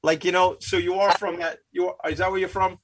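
A man co-hosting a podcast, joking and playful, telling stories in a casual, animated way. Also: high voice, brisk, a little hiss or hum. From New York area, Long Island. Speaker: podcast co-host.

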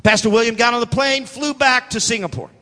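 A man preaching a sermon as pastor, telling stories with energy and acting out the people in them, building up to shouts. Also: extremely high pitch, a little fast, long reverb tail. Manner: animated storytelling, acting out quoted voices, building to shouts.

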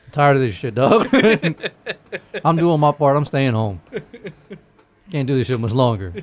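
Male podcast host, mid-pitched, crude and jokey, laughs a lot. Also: animated, measured pace. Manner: profane, laughs often, loud bursts when joking. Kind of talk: casual podcast banter.

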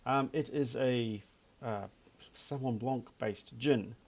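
A man's voice: medium pitch, slow pace, vocal fry. A man co-hosting a casual podcast about gin, talking in a dry, joking way with plenty of fillers. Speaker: podcast co-host. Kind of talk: casual chat.

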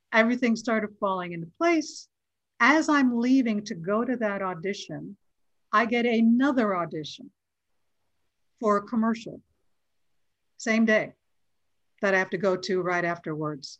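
A woman's voice: medium pitch, measured pace, long pauses, no room sound. A middle-aged woman, an actress, telling a story in a casual interview and acting out the quoted lines. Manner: lively, acts out quoted dialogue. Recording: dull, dry recording.

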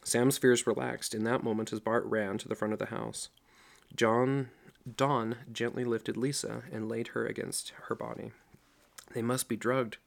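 A middle-aged man reading a novel aloud as narrator, in a steady storytelling voice. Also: medium pitch, moderate pace, vocal fry. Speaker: audiobook narrator. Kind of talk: scripted narration.

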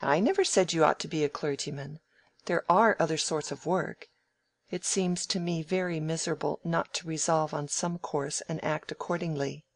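A reader voicing a sharp-witted young woman, frank and teasing, in brisk, crisp audiobook dialogue with mild scolding. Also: medium pitch, no room sound, lightly acted.

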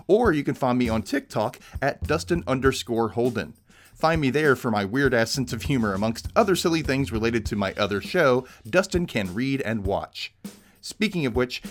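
A man hosting a podcast, giving a chatty, joking recap of a TV episode and jumping into high squeals for quotes. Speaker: podcast host.

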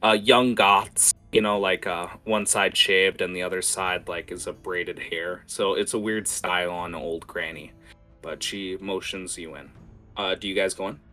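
A man's voice: sits low, steady tone, a little slow, bright, forceful tone, soft background music. A man narrating a tabletop game as game master, rambling with many fillers.

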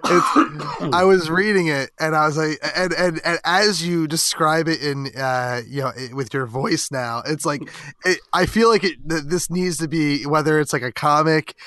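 A man hosting a podcast in a casual chat, talking haltingly with many restarts and quick agreements. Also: fairly high pitch, fairly even intonation, sharp tone, no echo. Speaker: podcast host.

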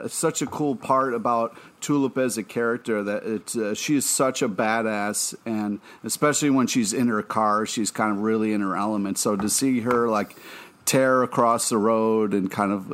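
A man co-hosting a podcast, talking enthusiastically and rambling with fillers in casual chat. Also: on the low side. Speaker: podcast co-host.

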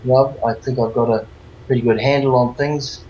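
A man with a New Zealand accent, talking as an interview guest. He rambles in an easy, unhurried way, padding his thoughts with fillers. The line sounds a little dull, with a faint hiss behind it. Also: medium pitch. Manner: relaxed, rambling with many fillers. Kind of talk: casual remote interview.

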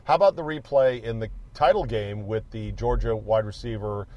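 A man's voice: fairly low pitch, moderate pace, a little mellow. A man hosting a sports podcast, chatting casually and needling his guest in a teasing, argumentative way. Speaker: podcast host. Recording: dry, slightly dull sound.

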